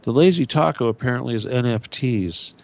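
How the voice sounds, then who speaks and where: A gravelly man rants through a conspiratorial monologue on his own radio show, profane and sarcastic. The audio is dull and lo-fi. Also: medium pitch, a little fast, a little mellow, no room sound. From United States.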